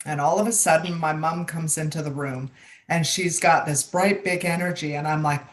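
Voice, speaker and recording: A middle-aged woman with a somewhat low voice hosts a live show from a video call. She tells personal stories in a lively way, acting out what people said, and she invites her audience to join in. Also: moderate pace. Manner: animated storyteller, acts out quotes. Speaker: host, psychic medium.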